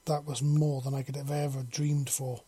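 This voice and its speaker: A man voicing a loving female alien huntress in a soft, purring, flat reading for a storybook. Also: mid-range voice, moderate pace, slightly rough, lightly acted. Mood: tender.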